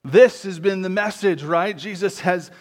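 A man preaching a sermon in a conversational way, often adding tag questions and dropping low and quiet on key words. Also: a little slow. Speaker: pastor.

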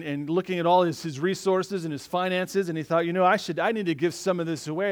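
A man preaching a sermon in a slightly higher voice than most men. He talks conversationally, often tossing quick check-in questions at his listeners as he goes. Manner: conversational, frequent tag questions. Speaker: pastor.

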